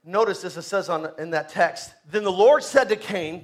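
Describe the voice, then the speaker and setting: A male pastor preaches a sermon at a moderate pace, dropping into hushed, low asides and then rising to shouted exhortation. He calls on the congregation to answer him.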